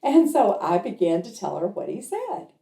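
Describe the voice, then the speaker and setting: A woman's voice: medium pitch, huge pitch swings, normal speed, vocal fry, dark tone. A woman who works as a medium tells a personal story in a chatty way and acts out the people in it. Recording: roomy echo.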